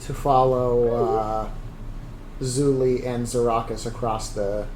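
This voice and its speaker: A game master narrating a tabletop game in a relaxed, hesitant way with many fillers, recorded in an echoey room with faint noise. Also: medium pitch, takes it slowly.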